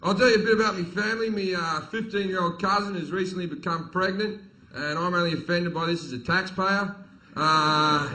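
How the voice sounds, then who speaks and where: A man with an Australian accent doing a stand-up comedy set, telling crude, profane stories and punching up the jokes loudly. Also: on the high side, a little hiss or hum, rough recording. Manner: crude, profane, storytelling delivery with sudden loud punchlines. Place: comedy venue stage with audience.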